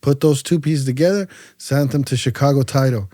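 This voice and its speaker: A podcast guest from California's Central Valley tells casual stories in a mid-range voice, talking a little fast, in clean studio sound with no echo. He acts out both sides of his conversations in lively voices and often trips over and repeats his words.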